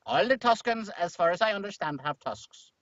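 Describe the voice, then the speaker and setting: Lively, bright-voiced playful male host. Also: sits high, no echo, dull audio. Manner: playful, rambling, quick to joke. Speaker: podcast host. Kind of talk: improvised comedic chat.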